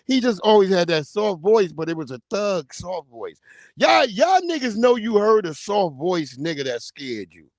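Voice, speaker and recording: A man hosting a casual livestream, talking in an animated, slangy way and calling out viewers by name. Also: high-pitched, moderate pace, no room sound, studio quality. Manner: animated, slangy, reads viewer names aloud. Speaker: livestream host.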